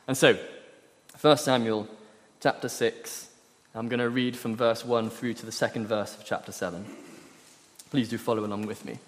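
A man's voice: on the low side, fairly even intonation, moderate pace, pauses often. Man preaching in an echoey hall. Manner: earnest, emphatic, with repeated phrases. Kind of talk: sermon.

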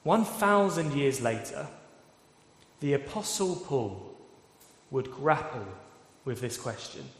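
A man's voice: medium pitch, slow, pauses often. Man preaching in an echoey hall. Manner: expressive, rhetorical questions, acts out quoted voices. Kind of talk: sermon. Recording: echoey hall with long reverb.

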